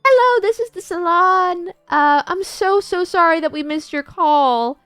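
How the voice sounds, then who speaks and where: A woman's voice: extremely high pitch, expressive, measured pace, fairly bright tone, no echo, faint music behind, pitched above the performer's own voice, heavily acted. A woman imitating a friendly middle-aged salon receptionist on the phone, sweet and eager.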